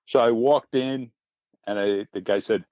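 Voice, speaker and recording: A man with a New York accent, a guest telling lively stories in casual chat and swearing freely. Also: medium pitch, unhurried, no room sound, highs cut off. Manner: animated storyteller, swears freely.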